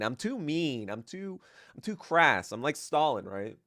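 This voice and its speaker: A man's voice: fairly high pitch, very animated, unhurried, bright, forceful tone, no room sound, studio quality. A young man hosting a podcast livestream, ranting casually in a crude, joking, rambling way. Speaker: podcast host.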